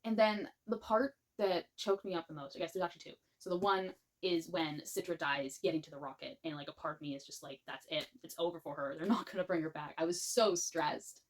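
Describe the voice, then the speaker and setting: A woman talks through a book review in a gushing, animated way. Her voice sits a little low, and she rambles and restarts her sentences as she goes. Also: fairly quick, few pauses. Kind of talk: casual spoken book review.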